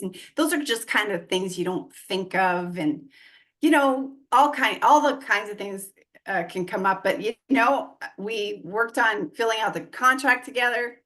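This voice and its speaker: A woman in her forties chatting on an interview podcast, her voice pitched in the middle range. She tells stories with energy and acts out the dialogue of the people in them. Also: unhurried. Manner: animated, acts out quoted dialogue. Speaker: guest real estate investor and coach. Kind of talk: casual interview storytelling.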